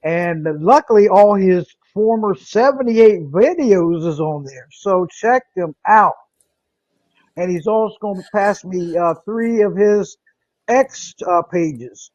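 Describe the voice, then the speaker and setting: A woman hosting a live internet radio podcast, talking casually in a halting, rambling way with many fillers and restarts. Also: mid-range voice, animated, a little mellow, dry recording, highs cut off.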